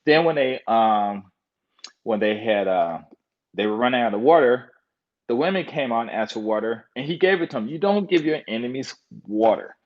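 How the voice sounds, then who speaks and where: An expressive, mid-range voice belongs to a man from the United States talking at normal speed. He meanders through a rambling monologue full of fillers, recorded in dull lo-fi quality.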